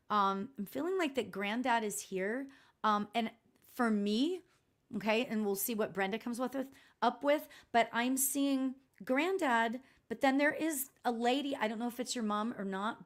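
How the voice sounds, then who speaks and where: A woman hosting a live psychic reading stream, speaking gently and reassuringly with many pauses and fillers. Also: on the high side. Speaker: spiritual medium host.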